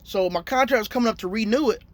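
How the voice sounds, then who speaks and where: A man's voice: high-pitched, quick pace, no echo. A man in his thirties, a truck driver telling a story in a casual, slangy vlog and acting out his phone calls.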